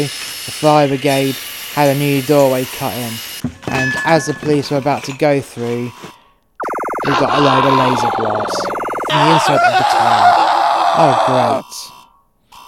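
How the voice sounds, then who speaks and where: A man's voice: medium pitch, background noise. A man narrating a first-person crime story, swearing freely with rambling, wry asides.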